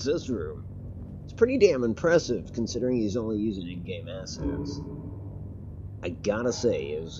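Male game streamer, lively low voice, loose and swearing, game gunfire behind. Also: lo-fi sound, noisy background. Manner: rambling, self-correcting, swears casually. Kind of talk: casual gameplay commentary. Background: game gunfire and artillery.

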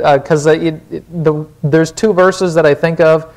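A man's voice: on the high side, fairly even intonation, moderate pace, vocal fry, darkish tone. A man with a Wisconsin accent preaching a sermon in a church, casual and conversational, often asking "right?". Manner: conversational, frequent "right?" check-ins. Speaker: pastor.

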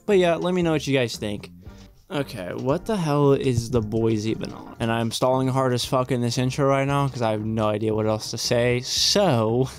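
A man's voice: medium pitch, moderate pace, faint music behind. A young man hosting a reaction video, chatting casually with rambling sarcastic asides and casual swearing, close to a desk mic.

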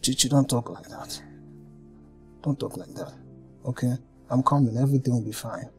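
An actor playing a brother with a husky voice who calms his worried sister on the phone. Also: mid-range voice, normal speed, soft background music. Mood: reassuring. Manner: questioning, then soothing. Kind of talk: film drama acting.

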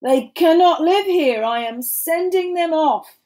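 A woman doing a croaky scolding old forest creature. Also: extremely high pitch, expressive, darkish tone, pitched above the performer's own voice, poor audio. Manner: croaking, coughing, slow and scolding. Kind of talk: storybook read-aloud.

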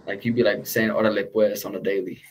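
A man's voice: lowish voice, steady tone, fast talker, low-quality recording. A man hosting a casual chat with a light Texan accent, talking in a laid-back, slangy way and swearing freely. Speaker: podcast host.

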